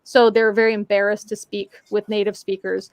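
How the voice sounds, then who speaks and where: A woman's voice: mid-range voice, flat delivery, a little fast, dry recording, clean studio sound. A woman in casual chat on a live stream, telling a story with lots of fillers and playful voice mimicry. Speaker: guest on a live talk stream.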